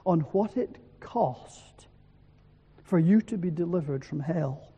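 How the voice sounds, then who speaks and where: A man preaching an evening sermon in a church, slow and solemn, using emphatic repetition. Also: on the high side, lively intonation, breathy edge, big-room sound, phone-quality sound.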